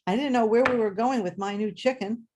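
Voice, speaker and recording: A woman telling a personal story live, animated and acting out voices and sounds. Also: on the high side, brisk, a little hiss or hum.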